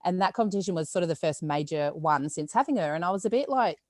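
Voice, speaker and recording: Fast-talking low-voiced Australian woman. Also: dry recording. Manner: rapid, animated storytelling with acted quotes. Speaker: podcast guest, weightlifter. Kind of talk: casual storytelling chat.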